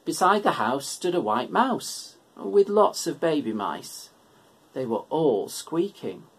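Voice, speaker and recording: Male children's worship leader reading a storybook aloud; husky, slow, gentle. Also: on the high side, big pitch swings.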